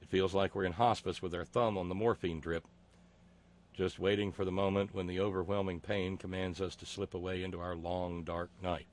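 A man hosting a political talk show, reading listener comments with sardonic, profane mockery and many halting filler words. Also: low-pitched, little pitch movement.

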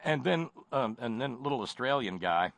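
A man's voice: medium pitch, animated, moderate pace, creaky, fairly bright tone, no room sound. A man giving sardonic spoken commentary, mocking and rambling with many fillers and false starts.

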